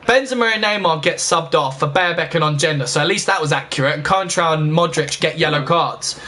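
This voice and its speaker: A young man hosting a casual let's-play, chatting straight to his viewers and quick to get annoyed. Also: a little high, bright, forceful tone, slight background noise. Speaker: gaming channel host.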